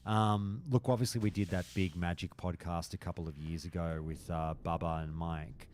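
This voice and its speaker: A man with a low voice hosts a stream, chatting casually with his live chat at a moderate pace. He tells animated stories packed with swearing, and there's slight background noise.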